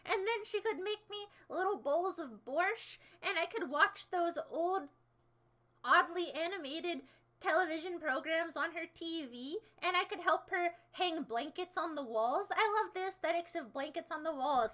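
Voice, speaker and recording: A woman's voice: very high voice, lively intonation, normal speed, pushed and bright. A young woman livestreaming, chatting to her viewers in a rambling, playful way with sudden dramatic outbursts. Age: young adult. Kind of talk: casual livestream chat.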